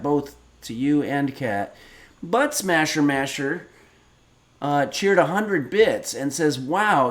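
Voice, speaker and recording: A man in his fifties hosting a casual cooking livestream, reading viewer messages aloud and answering with deadpan, rambling stories. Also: on the high side. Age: 50s. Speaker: streaming cooking show host.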